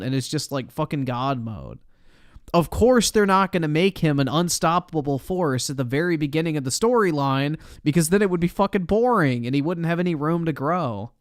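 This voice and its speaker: A man's voice: on the high side, dry recording, studio quality. A man streaming live, reacting to a video in a sarcastic, profane, exasperated way.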